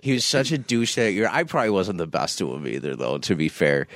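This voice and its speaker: A man's voice: low-pitched, big pitch swings, a little fast, fairly bright tone, no room sound. A young man co-hosting a casual podcast, telling long rambling stories and laughing often. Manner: rambling storyteller, laughs a lot. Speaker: podcast co-host.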